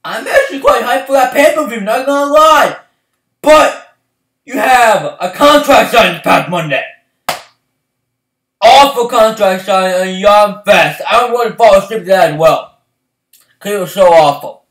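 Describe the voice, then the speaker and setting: A young man ranting as a fan vlogger, swinging from loud outbursts to low mumbling. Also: a little slow, pauses often, far from the mic. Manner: excitable, swings from shouting to mumbling. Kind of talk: heated ranting. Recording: echoey room, voice off-mic.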